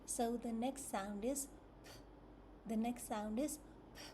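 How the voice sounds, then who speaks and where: A woman teaching phonics to young children, slowly and patiently, repeating each letter sound several times. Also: on the high side, mellow, a little hiss or hum.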